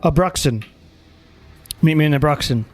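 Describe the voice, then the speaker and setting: A man's voice: fairly high pitch, normal speed, natural voice. A man voicing a blunt, crude male god with an Irish accent.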